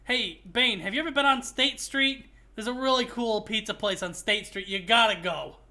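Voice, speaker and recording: A boisterous male heist crook with a thick Chicago accent, put on by a man mid-stream. He talks loud and bright, his voice lifted above a normal speaking pitch, each line pushed out with gusto. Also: moderate pace, full character voice.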